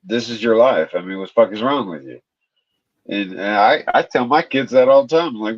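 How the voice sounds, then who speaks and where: A man's voice: lowish voice, animated, fairly quick. A middle-aged man in casual conversation, talking bluntly about toughness and swearing often. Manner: blunt, tough-love talk with frequent swearing. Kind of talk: casual chat. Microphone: video call. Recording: dull, dry lo-fi mic.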